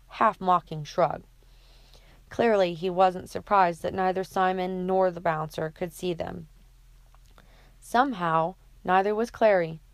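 Casting note: woman audiobook narrator, steady delivery, gravelly low voice, dry close sound. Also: no echo.

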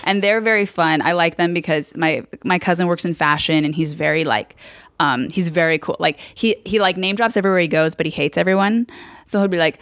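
A chatty woman from Southern California, co-hosting a podcast and rambling through family stories with lots of "like" and "um." Her slightly low voice is dry and close to the mic. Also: a little fast, a bit bright, dry recording. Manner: chatty, storytelling, many fillers. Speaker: podcast co-host. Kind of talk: casual chat.

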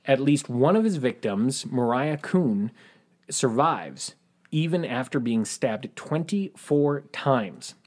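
A man with a mid-range voice reads out a true crime story for a podcast. His narration is dry and even, with the odd deadpan aside. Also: medium pitch, takes it slowly. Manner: dry, matter-of-fact narration with wry asides. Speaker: podcast host.

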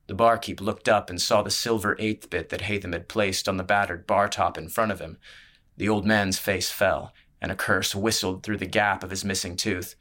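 A man narrating a scripted audiobook in a measured, steady storytelling manner. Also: sits low.

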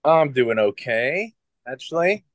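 A man's voice: medium pitch, expressive, slow pace, no room sound. A man calling into a live video call, telling a personal story in a hesitant, earnest way. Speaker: caller.

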